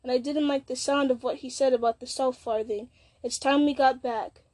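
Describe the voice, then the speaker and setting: A homely hobbit speaks plainly, with worry, read by a woman. The voice is high. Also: fairly even intonation, normal speed, a little mellow, natural voice. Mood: worried.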